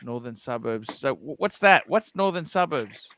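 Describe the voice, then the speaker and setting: A man hosting a casual livestream, teasing a caller with blunt, rapid-fire questions. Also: medium pitch, animated, fairly bright tone, a little hiss or hum, poor audio. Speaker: livestream host. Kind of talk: casual live-stream chat.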